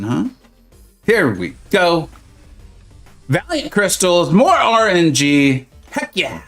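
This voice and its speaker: Lively joking male game streamer. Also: medium pitch, a little slow, soft background music. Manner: joking, self-mocking, chats to viewers. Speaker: gaming streamer. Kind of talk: casual live-stream commentary.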